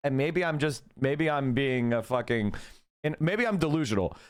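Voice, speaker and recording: A man's voice: mid-range voice, expressive, normal speed, clear, resonant tone. A man streaming a heated political rant, profane and exasperated, firing off rhetorical questions.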